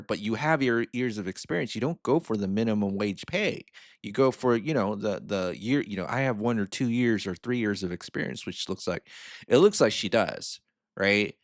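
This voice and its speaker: A man's voice: lowish voice, dry recording, clean studio sound. A man hosting a reaction video, chatting frankly in a casual way and often checking in with "right?".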